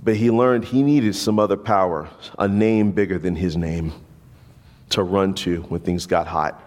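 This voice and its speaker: A man's voice: sits low, steady tone, a little slow, a little mellow, in a large hall. A man preaching a sermon, telling a story and acting out the voices of the people in it. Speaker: pastor.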